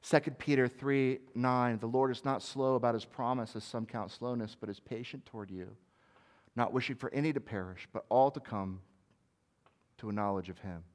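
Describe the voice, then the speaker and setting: A man preaching a sermon as senior pastor, moving between soft, hushed passages and forceful peaks, with casual conversational asides. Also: medium pitch, fairly even intonation, normal speed. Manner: conversational asides with fillers like "right?" and "like".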